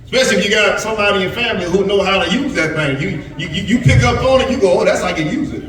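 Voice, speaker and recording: A man preaches to young people, his voice sitting high for a man. He stammers and repeats words as he builds his points. He sounds far from the mic, in a church sanctuary full of echo. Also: racing, crowd noise. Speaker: pastor. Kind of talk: sermon.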